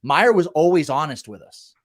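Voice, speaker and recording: Hosting a laid-back podcast, a thirties-aged former walk-on from college football swears heavily, speaks bluntly, and mimics people from his past. He has a slightly high voice with lively intonation, at a moderate pace.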